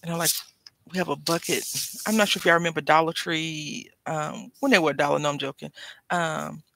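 A woman's voice: low-pitched, fairly even intonation, brisk, creaky, fairly bright tone, dry recording, low-quality recording. A woman chatting casually while she works on a craft project, rambling and wryly complaining in an easygoing way.

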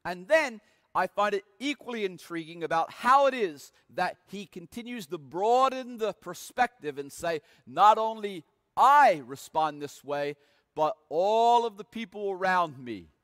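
A man's voice: high-pitched, animated, normal speed, a bit bright, no echo, studio quality, long reverb tail. A man preaching a sermon as pastor, reading scripture aloud with emphatic, dramatic stress. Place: church sanctuary.

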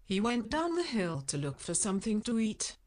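A woman voicing a slow, calm, good-natured male tortoise in a children's storybook. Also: mid-range voice, natural voice.

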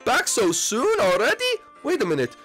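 A man's voice: very high-pitched, huge pitch swings, moderate pace, a bit bright, faint music behind, pitched above the performer's own voice, full character voice. A man voicing a patient, cheerful chef in a raised, explaining voice.

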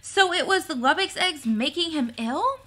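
A woman's voice: high-pitched, expressive, normal speed, bright, forceful tone, voice pushed up. A woman doing an anxious, earnest young woman. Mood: relieved. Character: young woman, anxious but quick to act.

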